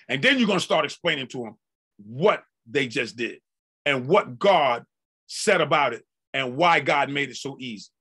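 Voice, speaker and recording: A male pastor delivering a sermon in folksy, conversational talk that breaks into shouted peaks and drawn-out emphasis. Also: medium pitch, lively intonation, husky.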